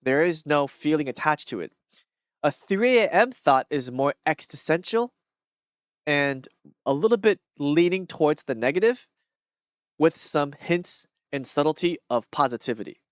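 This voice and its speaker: A man's voice: on the high side, lively intonation, moderate pace, no room sound, studio quality. A man talking casually on his own, reading short thoughts aloud and musing on them in a rambling, reflective way. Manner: rambling, reflective, many fillers and restarts. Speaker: streamer.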